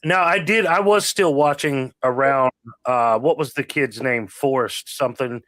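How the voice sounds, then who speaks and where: A man's voice: mid-range voice, measured pace, a bit bright, dry recording. Laid-back man on a dry mic. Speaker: guest. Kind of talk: casual chat.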